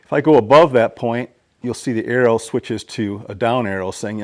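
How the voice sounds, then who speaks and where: A man with a fairly low voice walks through a hands-on DIY task. He speaks plainly and patiently, stammering and restarting as he goes. The sound is close and dry, with little room echo. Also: normal speed, darkish tone. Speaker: DIY channel host. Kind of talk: hands-on how-to explanation.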